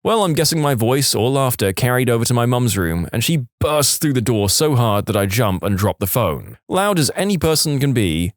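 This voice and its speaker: Lively male storytime narrator, dry sound. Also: medium pitch, normal speed, hardly any pauses, no room sound. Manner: lively, expressive reading.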